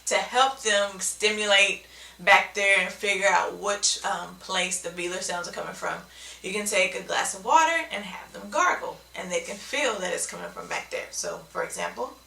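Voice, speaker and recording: Explaining speech therapy techniques for an instructional video, a woman speaks at normal speed and medium pitch, her voice bright and forceful with some gravel in it. She keeps asking "okay?", and the echoing room and mic distance make her sound slightly far away.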